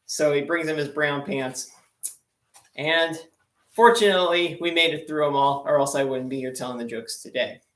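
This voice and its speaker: A man's voice: fairly high pitch, moderate pace, fairly bright tone. Chatty young man telling sea jokes. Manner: chatty, rambling storyteller with lots of fillers. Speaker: stand-up comedian. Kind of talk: joke-telling sea stories. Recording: echoey room.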